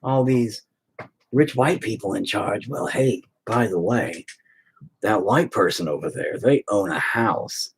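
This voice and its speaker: A man's voice: lowish voice, unhurried, breathy edge. A man chatting at home while painting, rambling through a profane, opinionated rant.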